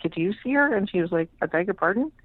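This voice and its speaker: An American woman who reads tarot tells stories as a guest on a radio show, in a casual interview setting. Her voice is fairly low, expressive, and fast, and she's frank, swears freely, and acts out the voices of the people she quotes. The audio comes through a tinny, phone-like radio line.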